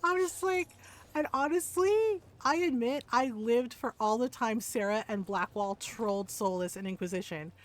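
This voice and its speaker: A woman's voice: fairly high pitch, moderate pace. A woman streaming a game, chatting casually and animatedly, laughing often between rants. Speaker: gaming streamer.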